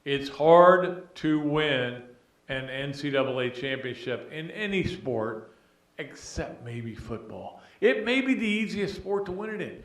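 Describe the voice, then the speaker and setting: A middle-aged man hosting a sports podcast, talking casually in a rambling, animated, emotional way with many restarts. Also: a little high, measured pace. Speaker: podcast host. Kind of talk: casual sports talk monologue. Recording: roomy echo.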